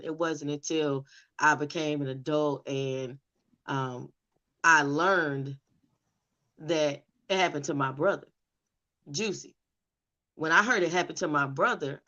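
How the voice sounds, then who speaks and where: A woman's voice: on the low side, sharp tone, lo-fi sound. A middle-aged woman telling her personal story in an interview, with emotional, emphatic delivery. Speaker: interview guest.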